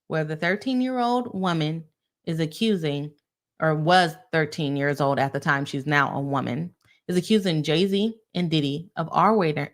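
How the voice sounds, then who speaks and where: A young adult woman hosting a casual live-stream legal commentary, talking to her viewers in an animated, heated way and calling them "y'all". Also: fairly low pitch.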